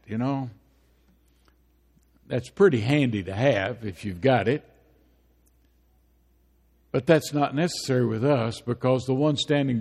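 A man's voice: mid-range voice, darkish tone, breathy edge, long reverb tail. A man preaching a sermon, asking rhetorical questions and repeating his points over and over. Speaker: pastor.

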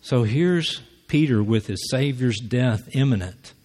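A man's voice: mid-range voice, animated, unhurried, darkish tone. A man preaching a conversational sermon who acts out the lines he quotes.

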